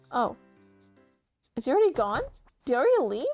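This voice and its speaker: A woman's voice: a little high, big pitch swings, fairly quick, long pauses. A young woman streamer chatting casually while playing a game, swearing freely and talking to her chat. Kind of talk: casual gameplay commentary. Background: soft game music.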